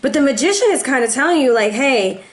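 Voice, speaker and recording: A woman giving a casual, chatty tarot reading, playful and animated, who slips into quoted voices and bits of song. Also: high-pitched, racing. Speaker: tarot reader.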